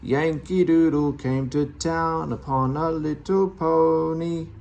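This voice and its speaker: Reader putting on a cheeky parrot, storybook, screechy, high, gravelly, mocking. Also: wildly swooping pitch, normal speed. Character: rude, cheeky male singing parrot. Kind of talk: storybook read-aloud.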